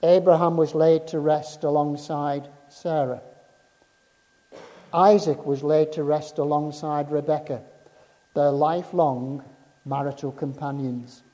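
A man delivers a sermon at a slow, deliberate pace, his voice deep and mellow in tone yet a little higher than most men's. He preaches with measured emphasis and lets his voice sink low and quiet on key phrases. The sound carries a long reverb from the hall around him.

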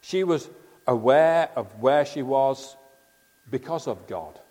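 A man's voice: mid-range voice, expressive, slow pace, a little mellow. A man preaching a sermon in an earnest, conversational way, often asking rhetorical questions. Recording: long hall reverb.

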